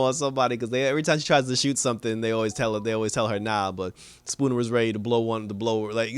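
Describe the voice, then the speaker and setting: A man's voice: medium pitch, fast, clear, resonant tone, no room sound. A man hosting a casual TV review, retelling an episode with quoted character lines and frequent laughter. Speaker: TV review host.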